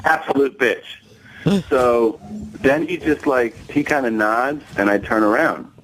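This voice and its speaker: In a medium-pitched voice at a measured pace, a male comedian guesting on a talk show shares a profane story, performing the quoted lines with animation and laughing along the way. The audio is poor, with slight background noise.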